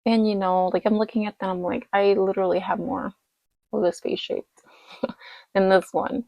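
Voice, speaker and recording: A woman's voice: mid-range voice, flat delivery, normal speed, gravelly, no echo, muffled recording. A woman casually reviewing dolls in a rambling, chatty vlog, tired late at night. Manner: chatty and rambling, lots of fillers and self-corrections. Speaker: doll collector vlogger.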